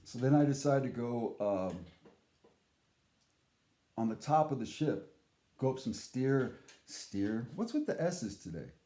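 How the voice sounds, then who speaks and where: A man's voice: mid-range voice, sing-song, slow pace, long pauses, warm tone, roomy sound. A man telling a casual, comic story in a rambling, profane way, often breaking off his sentences. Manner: rambling, profane, self-interrupting.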